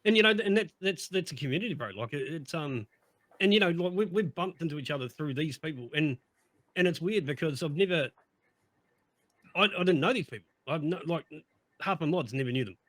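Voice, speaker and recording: A man's voice: a little high, animated, a little fast, a bit bright, no echo. A man chatting on a podcast, emphatic and upbeat, repeating himself and swearing heavily. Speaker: streamer on podcast. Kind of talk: casual chat.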